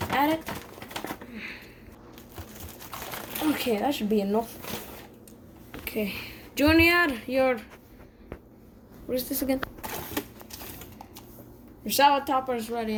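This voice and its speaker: A woman's voice: a little high, unhurried, pauses often, background noise, lightly acted. Woman voicing a hot-tempered male chef. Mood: muttering. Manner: mutters to himself, bursts into shouting. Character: short-tempered male chef who yells at kids. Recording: background music. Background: music.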